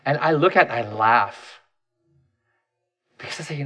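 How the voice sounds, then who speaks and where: A man's voice: mid-range voice, expressive, moderate pace, sharp tone. A man in his thirties giving a candid, self-deprecating personal talk, often restarting his sentences.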